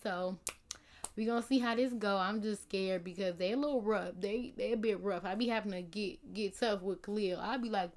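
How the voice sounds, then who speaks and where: A woman's voice: mid-range voice, moderate pace. Young woman, casual vlog chat, rambling, lots of fillers. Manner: rambling, many "like" and "you know" fillers. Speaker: vlogger.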